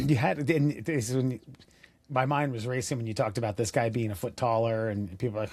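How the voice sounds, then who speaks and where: A man's voice: mid-range voice, steady tone, a little fast, darkish tone, a little hiss or hum. A man co-hosting a podcast in casual chat, laid-back and swearing casually. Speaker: podcast co-host.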